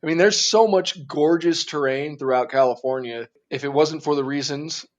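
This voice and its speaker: A man being interviewed as a guest, speaking in a relaxed, easygoing way and laughing along. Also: a little high, normal speed, dull audio. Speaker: interview guest, group organizer. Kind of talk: casual interview conversation.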